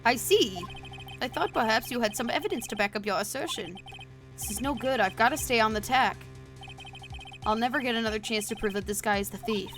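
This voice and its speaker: A woman's voice: on the high side, a little fast, a bit bright, faint music behind, natural voice. A woman voicing a nervous young male defense lawyer in anxious inner monologue, close to her own voice.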